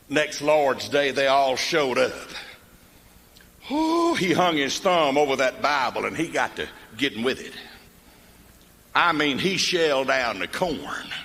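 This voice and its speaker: A man's voice: on the high side, a bit bright, a little hiss or hum. Folksy Southern storyteller man, live hall. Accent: Southern American, Mississippi. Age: older. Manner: folksy drawl, acts out characters in the tales. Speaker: comedian telling stories. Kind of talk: stand-up storytelling.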